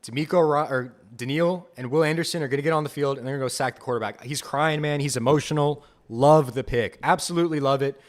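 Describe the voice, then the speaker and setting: A young man hosting a live fan podcast, reacting to picks with excited, repetitive enthusiasm. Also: medium pitch, fast, hardly any pauses. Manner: excited, enthusiastic, repeats himself. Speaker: podcast host.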